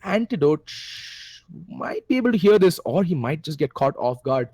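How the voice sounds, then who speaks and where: Excitable Indian esports caster. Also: male voice, brisk, slightly rough, no echo. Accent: Indian English. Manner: excitable, with sudden jumps in pitch at big plays. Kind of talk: play-by-play commentary.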